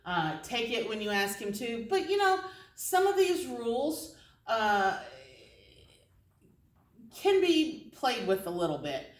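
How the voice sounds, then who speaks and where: A woman dog trainer explains tug rules in a relaxed, slow way, with a slightly high voice. She is heard from a distance in an echoey indoor space. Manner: high excited praise to her dog during play. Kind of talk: instructional dog-training video. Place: indoor training space with other dogs around.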